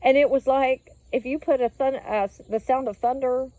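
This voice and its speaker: A woman's voice: high-pitched, steady tone, normal speed, warm tone, no echo, poor audio. A middle-aged woman speaks into her phone outdoors in an earnest, rambling testimony. She talks with feeling, stops and restarts, and keeps going on as she walks. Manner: earnest, rambling, emotional, with frequent fillers. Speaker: vlogger sharing a dream. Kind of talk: casual testimony to camera. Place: outdoors walking her dog in town.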